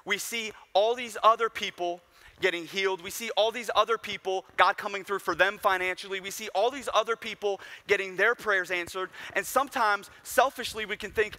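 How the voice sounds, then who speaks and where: A man's voice: sits high, steady tone, fairly quick, sharp tone. A young man preaching a sermon in a casual, storytelling way with conversational asides. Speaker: pastor.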